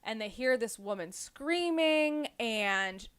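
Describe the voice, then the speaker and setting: A woman's voice: fairly high pitch, animated, slow pace, fairly bright tone, clean tone. A woman hosting a casual book club podcast, retelling a story with lots of "like" and "um". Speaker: podcast host.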